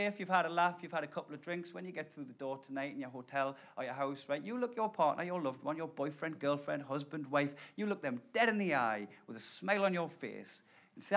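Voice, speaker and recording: Male stand-up comic, high, lively voice, chatty and direct with the crowd. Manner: animated, conversational, addresses the crowd directly. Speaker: stand-up comedian. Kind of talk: live stand-up storytelling. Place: stage before a live audience.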